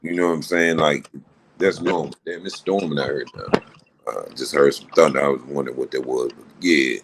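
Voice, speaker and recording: A man's voice: rumbling low, fairly quick, vocal fry, noisy background. A man from Memphis, chatting casually and reassuringly on a livestream. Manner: laid-back, reassuring, repeats "you know what I'm saying". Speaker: livestream guest. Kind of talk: casual chat.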